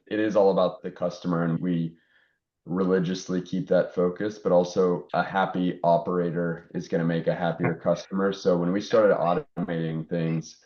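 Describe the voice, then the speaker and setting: A man with a deep, mellow voice explains step by step on a webinar panel, thoughtful and steady. His audio is dull and echoey. He leans on small fillers as he thinks. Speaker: panelist, technology and forwarding executive.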